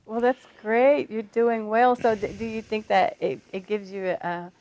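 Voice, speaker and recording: A woman interviewing a young dancer in a soft-spoken, encouraging way. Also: medium pitch, unhurried. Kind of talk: casual interview.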